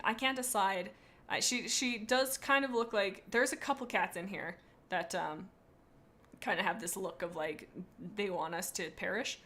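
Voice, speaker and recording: A woman's voice: mid-range voice, fairly bright tone. A woman on a live stream, rating viewers' pet cats in a playful, rambling way and reading chat comments aloud into a desk microphone.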